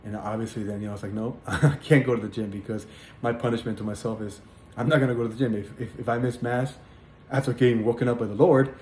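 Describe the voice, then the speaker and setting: A man sharing a personal religious testimony in casual spoken storytelling, earnest and halting, with many fillers and repeated words. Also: medium pitch, steady tone, darkish tone. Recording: echoey room with faint background noise.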